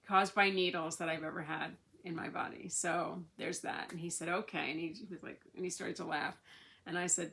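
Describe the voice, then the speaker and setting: Chatty woman in her fifties, gravelly. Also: mid-range voice. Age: 50s. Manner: chatty and storytelling, acts out others' lines; many fillers and restarts, warm wishes to viewers. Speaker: vlogger. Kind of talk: casual chat to camera.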